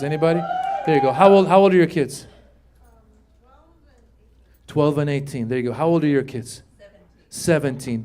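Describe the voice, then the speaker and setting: A middle-aged man doing a stand-up comedy set, telling stories with animated delivery and squeaky put-on voices. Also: a little hiss or hum. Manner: animated storytelling, acts out high squeaky voices. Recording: live stage mic, audience laughter. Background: audience laughter and room ambience.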